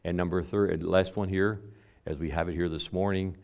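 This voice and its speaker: A man's voice: low voice, steady tone, fairly quick, darkish tone. A male pastor preaching a sermon, quoting scripture and building to emphatic, stressed phrases with frequent repetition. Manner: repeats words, quotes King James scripture, builds to emphatic stresses.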